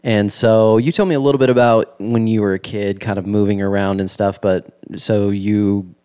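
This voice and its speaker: A man hosts a relaxed podcast conversation about how his guest got into his line of work. His voice sits on the low side. He asks easygoing questions and keeps the talk moving with short yeahs and mm-hmms. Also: normal speed, smooth. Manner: easygoing, with frequent short backchannels. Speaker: podcast host. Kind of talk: casual interview chat.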